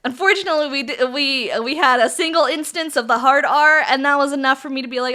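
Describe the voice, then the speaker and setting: High bright-voiced giggly woman streamer. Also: a little fast, hardly any pauses. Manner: giggly, profane, playful banter with chat. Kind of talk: casual livestream chat while building model kits.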